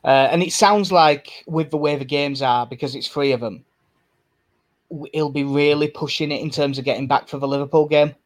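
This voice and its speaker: A man's voice: fairly high pitch, fairly even intonation, moderate pace. A man co-hosting a casual football podcast. He is chatty, laughs often and swears casually. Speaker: podcast co-host.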